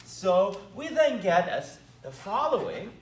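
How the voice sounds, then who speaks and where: Slow and deliberate yet melodically lively, a Belgian-accented man explains math at a whiteboard, clearly enthusiastic and fond of playful asides. He's a math lecturer captured by a distant microphone. The room echoes, and a faint hum lingers behind his voice.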